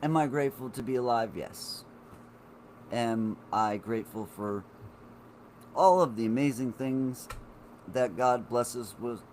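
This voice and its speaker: A man in his forties rambles through a casual live-stream chat at a slow, unhurried pace. He swears freely and talks straight to his viewers. His pitch sits in an ordinary middle range, with a faint hum of room ambience behind him. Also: darkish tone. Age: 40s.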